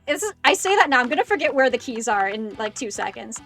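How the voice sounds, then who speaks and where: A young woman streams a game and chatters excitedly, often poking fun at herself. Her voice is high and lively, with big swings in pitch. She is close to the mic, and faint game music plays behind her. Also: fast. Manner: excitable, self-deprecating chatter. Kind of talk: casual gaming livestream chat. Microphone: close desk microphone.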